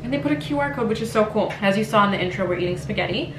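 A woman's voice: medium pitch, animated, racing, noisy background. A woman in her twenties from Canada, a vlogger chatting candidly while she eats. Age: 20s. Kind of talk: casual chat. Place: home room, dining at table. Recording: echoey room with faint kitchen clatter.

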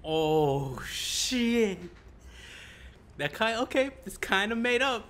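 Hyped young guy yelling and cracking up at a game trailer, high bright voice jumping all over. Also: slow, a little hiss or hum. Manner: excitable, profane, laughs and shouts often. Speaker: reaction video host. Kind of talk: gaming reaction commentary.

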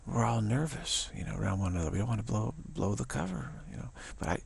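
Low raspy guy giving a spiritual talk, stammery, keeps chuckling at himself. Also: expressive. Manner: halting, stammers and repeats words. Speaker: spiritual teacher.

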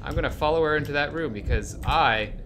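A man's voice: a little high, brisk, background noise. A man casually chatting while playing a horror game with a friend, yelping when scared and cracking crude jokes. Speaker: gaming channel co-host. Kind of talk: casual gaming chat. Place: home, shared with roommates.

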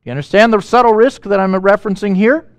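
A man preaching a sermon as pastor, animated and emphatic, asking the congregation questions and making quick asides. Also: high-pitched, clean tone, dry recording.

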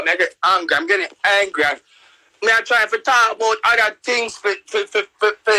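A young man with a Jamaican accent, live-streaming a profane, loud-mouthed rant in patois. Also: sits high, animated, fast talker, slightly rough, rough recording. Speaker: livestreamer.

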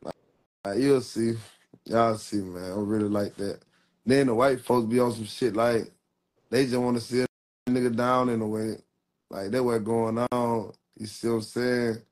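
A man's voice: medium pitch, fairly even intonation, moderate pace, darkish tone. Young male rapper on a live stream, loose and rambling, heavy street slang, mid-range voice. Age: 20s. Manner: rambling street slang, repeats "real talk". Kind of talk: casual livestream talk.

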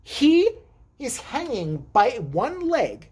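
A man vlogger telling a comedic personal story in an animated, profane, rambling way. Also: very high-pitched, takes it slowly, breathy edge.

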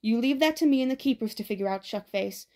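A woman voicing a calm, steady teenage boy who speaks low and even with drawling slang. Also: fast. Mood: stern.

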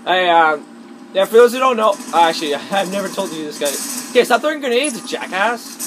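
A man's voice: sits high, lively intonation, a little fast, over music. A man giving rambling, self-conscious gameplay commentary, swearing often as he plays. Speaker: let's play gamer. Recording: noisy with game audio. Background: loud gunfire and game sounds.

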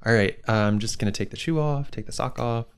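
A man's voice: mid-range voice, fast, clear, resonant tone, lightly acted. A man playing a fumbling salesman. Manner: fumbling, stumbles over names. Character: awkward male bathtub product salesman. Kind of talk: improv comedy scene.

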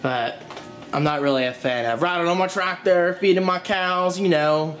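Wandering from room to room in a home vlog, a young man with a high-sitting, fairly bright voice jokes casually and talks to his dogs at normal speed. His phone is playing music in the background.

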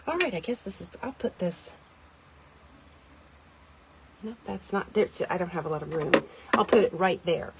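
A woman vlogging a chatty product demo from inside a tiny car, rambling, self-deprecating and easily excited. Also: lowish voice, fairly quick, very noisy.

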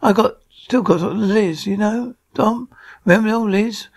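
A man doing a gruff jovial old space prospector. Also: high-pitched, unhurried, full character voice. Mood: coaxing.

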